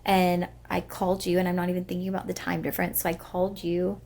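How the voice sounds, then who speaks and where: Brief: young woman podcast co-host, husky with gravelly fry, earnest and rambling. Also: on the low side, completely flat delivery, fast talker, darkish tone. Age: young adult. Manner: earnest, rambling with many fillers. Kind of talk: casual emotional chat.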